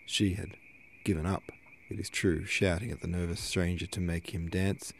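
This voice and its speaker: Man, audiobook narrator, very deep voice, measured reading, occasional self-corrections. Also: flat delivery, a little hiss or hum. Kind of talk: reading a classic novel aloud.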